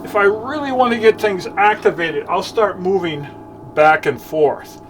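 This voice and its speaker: Calm man teaching gong technique. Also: high voice. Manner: calm, explanatory, with many pauses while playing. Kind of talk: demonstration lesson.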